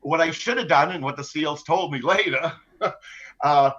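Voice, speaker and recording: An older man, a little higher-pitched than most, tells a story with a dry humor and many halting restarts. The sound is dull and muffled. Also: fairly bright tone. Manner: wry, halting, full of restarts and laughs. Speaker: guest, former ship captain. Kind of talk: storytelling in a podcast interview.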